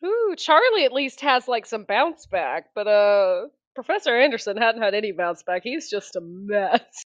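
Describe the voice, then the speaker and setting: A woman's voice: on the high side, big pitch swings, normal speed, muffled recording. A woman playing in a tabletop game, chatty and full of questions. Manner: chatty, questioning, laughs a lot. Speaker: player. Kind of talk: casual game chat.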